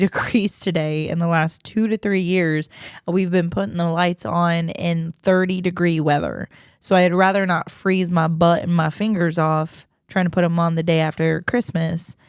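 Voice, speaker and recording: A woman co-hosting a podcast in casual chat, chatty, with quick interjections. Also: fairly low pitch, fairly even intonation, smooth, no echo, clean studio sound. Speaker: podcast co-host.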